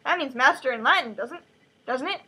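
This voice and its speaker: Brief: bright, high-voiced woman, chatty book recap, jokey asides. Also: lively intonation, a little fast, rough recording. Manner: chatty, joking, lots of fillers like "like". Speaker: host retelling a book chapter.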